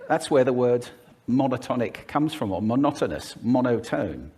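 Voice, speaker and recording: A man giving a polished public talk on speaking, animated and demonstrative as he shows off pitch, pace and volume. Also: normal speed, few pauses. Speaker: speaker on voice and communication. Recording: played from a recorded talk.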